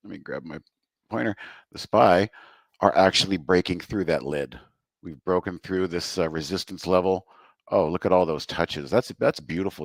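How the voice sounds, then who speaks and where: A man's voice: deep voice, no echo. A man hosting a live trading room from his home desk, a little out of breath, chatting casually as he walks through his charts. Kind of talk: live market commentary.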